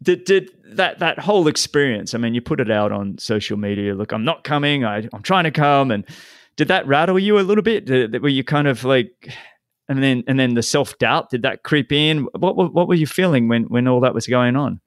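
A man's voice: mid-range voice, expressive, normal speed, dry recording, clean studio sound. A man hosting an interview podcast, asking long conversational questions and reading sponsor ads. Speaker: podcast host.

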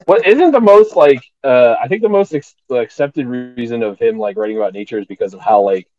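A man's voice: mid-range voice, lively intonation, a little fast, dark tone, highs cut off. A man in casual chat, explaining a point thoughtfully with many hesitations and fillers.

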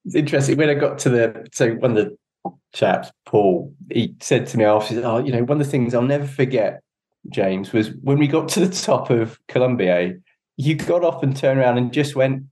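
A man's voice: medium pitch, lively intonation, normal speed, a little mellow. A man guesting on a podcast, talking in an earnest, reflective way and often searching for his words. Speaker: podcast guest, endurance cyclist. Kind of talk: casual conversation.

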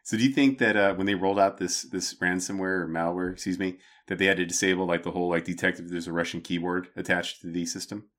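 A man with a deep, low voice trades casual banter on a podcast. He keeps it loose and jokey, wandering into pop-culture tangents. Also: fairly even intonation, fast talker, few pauses, a bit bright. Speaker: podcast co-host.

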